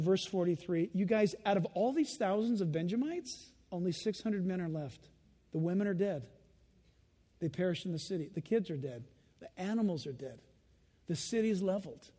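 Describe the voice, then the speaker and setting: A high-voiced male pastor preaching in an animated way, slipping into children's voices and chuckling along. His voice rings out in a church with a long hall reverb. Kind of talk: sermon.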